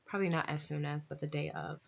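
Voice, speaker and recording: A woman's voice: deep voice, fairly even intonation, fast talker, creaky. Chatty woman stitching on a livestream. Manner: chatty, self-laughing, talks to herself while working. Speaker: cross-stitch livestream host. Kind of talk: casual livestream chat while stitching.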